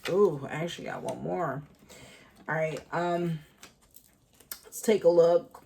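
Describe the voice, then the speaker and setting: Slow, chatty woman reading tarot. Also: lowish voice, creaky, dark tone, slight background noise. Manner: chatty, thinking aloud, many fillers. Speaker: tarot reader. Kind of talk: casual tarot reading vlog.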